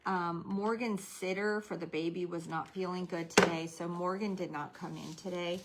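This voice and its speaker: A woman's voice: fairly low pitch, steady tone, moderate pace, very noisy. A middle-aged woman hosting a live craft tutorial, chatting and greeting viewers by name while keeping her voice down so a baby can sleep. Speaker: craft livestream host.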